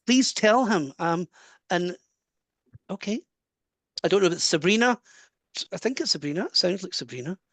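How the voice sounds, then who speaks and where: A Scottish man working as a medium, giving an earnest live reading over a video call with quick asides and laughs. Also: sits high, animated, fairly bright tone, no room sound. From Scotland.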